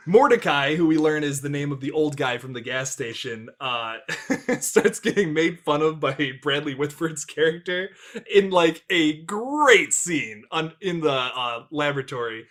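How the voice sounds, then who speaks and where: A man's voice: on the high side, lively intonation, moderate pace, fairly bright tone. A young man hosting a casual film review podcast, rambling and crude, laughing often at his own jokes. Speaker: podcast host.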